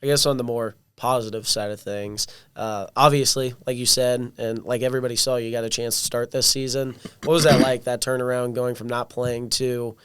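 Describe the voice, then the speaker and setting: A young man hosting a casual interview, relaxed and laughing easily as he retells things. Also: mid-range voice, fairly quick, hardly any pauses, smooth, no echo. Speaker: podcast host.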